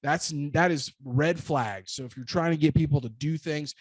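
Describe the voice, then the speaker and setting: A real estate broker with a slightly high voice gives an energetic motivational talk, hammering home emphatic advice in short, punchy, repeated phrases. He speaks at normal speed, and the recording is dry.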